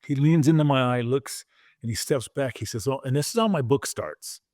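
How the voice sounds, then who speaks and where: A man in his sixties, a former pro football player, telling a story on a podcast in a vivid, animated way and acting out the quoted lines. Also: mid-range voice, normal speed, dry recording, clean studio sound.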